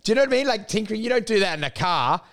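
Male podcast co-host, high raspy voice, crude animated ranter. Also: very fast. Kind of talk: casual comedic chat. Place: podcast studio. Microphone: podcast mic.

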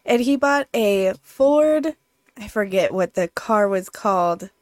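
A woman's voice: medium pitch, lively intonation, slow, no echo. A woman guest from a comedy club, chatting casually and telling nostalgic stories with laughs. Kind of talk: casual chat.

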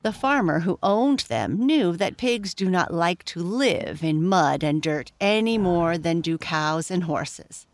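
A woman from Canada reads a children's story aloud at a slow, careful pace. Her voice sits a little low. She adds gentle asides that explain things to young listeners. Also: animated, no echo.

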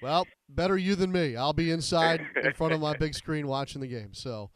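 A man's voice: fairly high pitch, moderate pace. A man hosting a radio sports talk show, bantering easily with his guests. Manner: easygoing, friendly banter.

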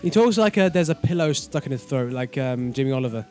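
A man's voice: mid-range voice, animated, quick pace, a little mellow, faint music behind. A man co-hosting a casual podcast chat, blunt and sarcastic, swearing freely. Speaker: podcast co-host.

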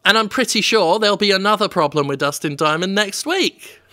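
A man with a high, bright voice trading silly riffs on a podcast. He spins out absurd bits in loose, casual banter. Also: a little fast, no room sound. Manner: joking, riffs on absurd ideas. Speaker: podcast co-host.

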